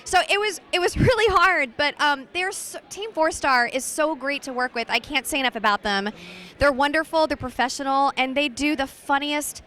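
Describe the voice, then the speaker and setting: Bubbly high-voiced woman, bright tone. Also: normal speed. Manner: bubbly, animated and chatty. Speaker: voice actress guest. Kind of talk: convention interview. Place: busy convention floor.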